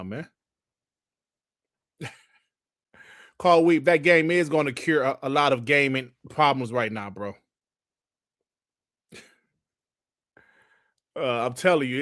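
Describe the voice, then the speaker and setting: A man's voice: mid-range voice, animated, measured pace, pauses often, a bit bright, dry recording, studio quality. A man hosting a gaming podcast livestream in a casual, profane, laid-back way, grumbling at technical trouble. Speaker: podcast host.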